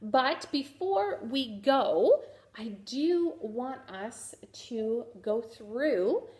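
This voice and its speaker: A woman teaches phonics to young children, slowly sounding out each letter of a word. Her fairly high voice swings up and down a lot, and she praises often. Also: expressive, a little mellow. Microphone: recorded to camera for a video lesson.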